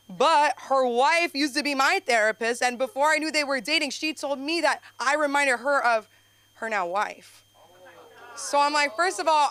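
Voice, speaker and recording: A young woman doing an open mic stand-up set, rambling and chatty with lots of fillers, sometimes jumping into high excited bursts. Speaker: stand-up comedian. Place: comedy club stage.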